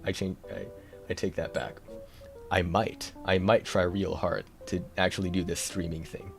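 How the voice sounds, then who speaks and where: Deep-voiced tired male streamer. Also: little pitch movement, moderate pace, creaky, soft background music. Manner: rambling, self-deprecating, laughs often. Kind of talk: casual live-stream chat.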